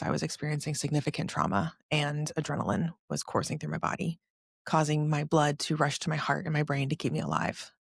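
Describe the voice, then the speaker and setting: A woman's voice: deep voice, gravelly, dry recording, clean studio sound. A woman of about forty hosting a podcast, telling her personal testimony in an earnest, emotional, confessional way. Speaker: podcast host.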